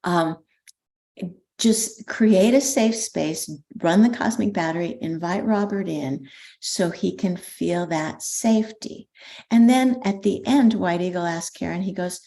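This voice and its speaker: A woman's voice: fairly low pitch, unhurried, creaky. Older woman telling a story animatedly. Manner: animated storyteller, frequent ums and restarts. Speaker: spiritual teacher. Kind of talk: storytelling talk.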